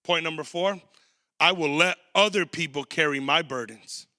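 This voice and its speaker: A man's voice: fairly high pitch, normal speed, pushed and bright, no room sound, clean studio sound. A man in his thirties preaching a sermon as a guest pastor, telling stories and acting out quotes. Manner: storytelling with acted quotes.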